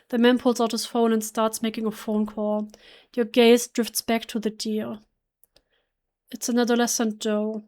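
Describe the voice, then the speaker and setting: A woman's voice: fairly high pitch, level tone, measured pace. A woman whose first language is German, reading a horror game's text aloud in English during a let's play, emotionally and with frequent restarts. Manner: emotional, hushed, with self-corrections.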